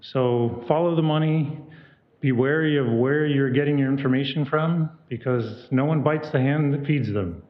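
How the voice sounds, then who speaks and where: A man's voice: mid-range voice, moderate pace. Earnest male commenter, echoey hall, muffled audio. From Michigan. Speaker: public commenter. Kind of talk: public comment speech. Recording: echoey muffled meeting room.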